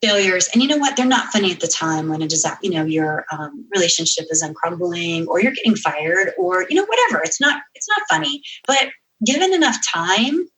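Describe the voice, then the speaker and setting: A woman guest on a podcast telling funny stories, animated and full of "like" and "you know.". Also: fairly low pitch, a little fast, recorded from a distance, rough recording. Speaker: guest, comedy author. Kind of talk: podcast interview, storytelling.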